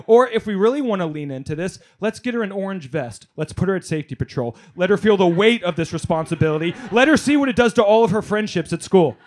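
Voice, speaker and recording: A man doing a stand-up comedy set on a club stage, telling animated stories, working the crowd and shouting some punchlines. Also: sits high, fast talker, hardly any pauses.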